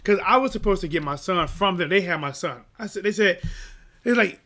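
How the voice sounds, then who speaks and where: A man with a high, bright voice that swings widely as he tells a personal story on his boxing channel. He talks in an emphatic, animated way and keeps checking in with the listener. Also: brisk. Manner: animated, emphatic retelling with repeated "right?". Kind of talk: casual storytelling rant.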